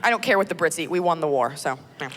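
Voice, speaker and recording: A woman performing stand-up comedy with animated delivery and big swings in tone. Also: deep voice, fast talker, long reverb tail.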